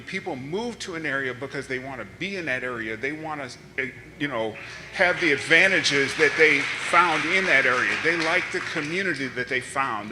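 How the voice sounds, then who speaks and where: A man's voice: medium pitch, sharp tone, slight background noise. A man giving earnest, conversational public testimony with frequent fillers. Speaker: public commenter. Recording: reverberant hearing room.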